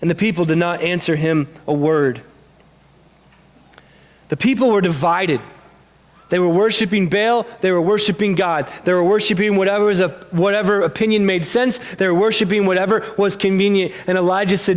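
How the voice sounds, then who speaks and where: A man preaching a sermon as pastor, telling a Bible story in a lively, animated way and acting out the characters' lines. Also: high-pitched, moderate pace. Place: church sanctuary.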